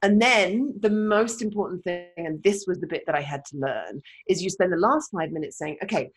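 A woman co-hosting a casual business chat, talking in a chatty, lively way and acting out little quoted exchanges. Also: on the low side, normal speed, slight background noise.

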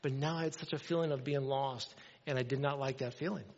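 A middle-aged man preaching a sermon, telling a story with animated energy and acting out the dialogue. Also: medium pitch, fast. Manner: animated, acts out dialogue in his stories. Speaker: pastor. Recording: dull sound with long hall reverb.

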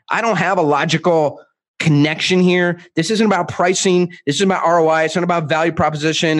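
A man speaking as a guest author in an interview, emphatic and animated, acting out quotes with many restarts. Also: a little high.

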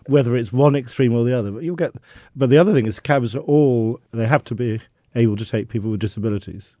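A man, a tour guide on a radio show, adding relaxed asides with dry humour. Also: medium pitch, brisk, no room sound. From London. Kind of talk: conversational radio interview.

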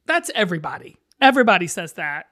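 A woman's voice: on the low side, sing-song, quick pace, fairly bright tone. A woman hosting a podcast in casual chat. She talks candidly and laughs often. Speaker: podcast host.

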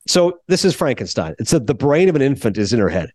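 A man hosting a podcast in casual chat, animated and talkative, jumping from thought to thought. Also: medium pitch, fast talker, dry recording. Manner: animated, chatty, jumps between thoughts. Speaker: podcast host.

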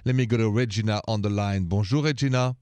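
A middle-aged man with a French accent hosts a call-in radio advice show, talking in a relaxed way and dropping French phrases into his English. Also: fairly low pitch, fast, smooth, no echo. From France.

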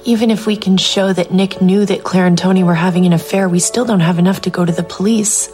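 A woman's voice: lowish voice, steady tone, darkish tone, faint music behind, lightly acted. An actress playing a level-headed woman who cautiously weighs murder evidence in a film drama. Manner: measured and cautious.

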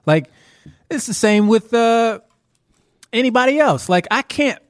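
A man's voice: extremely high pitch, animated, measured pace, no room sound, studio quality. A man co-hosting a podcast, telling profane rambling anecdotes in casual chat. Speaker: podcast co-host.

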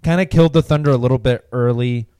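Analytical man with a smooth, dry voice. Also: mid-range voice, quick pace, mellow, dry recording. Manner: rambling analytical, many fillers. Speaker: podcast co-host. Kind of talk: casual sports chat.

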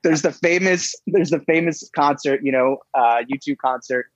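A man guesting on a casual podcast, telling stories in a relaxed way and laughing easily. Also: on the high side, moderate pace, no room sound. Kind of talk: casual chat. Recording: dull dry lo-fi sound.

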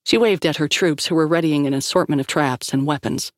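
A woman narrating a story in a steady, measured reading. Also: low voice, no echo, studio quality. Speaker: audiobook narrator. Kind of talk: scripted narration.

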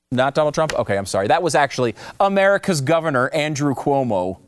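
A man's voice: mid-range voice, big pitch swings, fast talker, few pauses, smooth. A man hosting political commentary in a mocking, sarcastic way.

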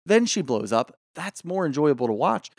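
Gravelly opinionated man chatting. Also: a little high, normal speed, no room sound, clean studio sound. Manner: opinionated, swears freely, animated. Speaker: podcast co-host. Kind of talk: casual chat.

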